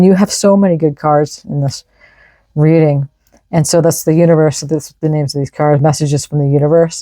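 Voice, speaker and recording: A woman's voice: low voice, mellow, no echo. A woman giving an enthusiastic, casual tarot reading, reading out card messages and explaining them. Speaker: tarot reader.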